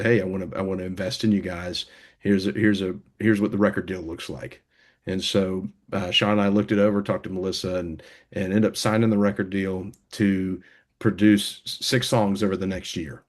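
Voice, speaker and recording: A young man, a band member, talking casually in an interview, rambling with many fillers and restarts. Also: sits low. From United States.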